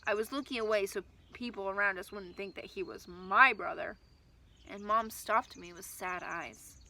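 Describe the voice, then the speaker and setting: A woman reading a first-person children's story aloud, with expressive, lively storytelling. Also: mid-range voice, moderate pace.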